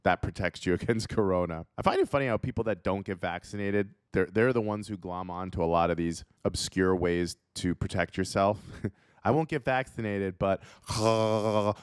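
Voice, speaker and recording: A man's voice: fairly quick, smooth, dry recording, clean studio sound. A comedian host riffing casually, joking and laughing at his own bits. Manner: jokey, laughs at his own bits, jumps into silly high voices.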